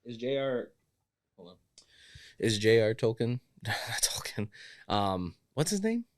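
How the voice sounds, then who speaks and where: A man's voice: mid-range voice, sing-song, unhurried, dry recording, studio quality. A young man co-hosting a podcast, chatting casually and animatedly, swearing and mimicking voices. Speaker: podcast co-host. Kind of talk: casual chat.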